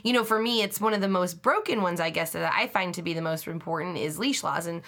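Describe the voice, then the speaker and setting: A woman's voice: on the low side, fast, a bit bright. A woman who trains service dogs, co-hosting a podcast in chatty casual talk.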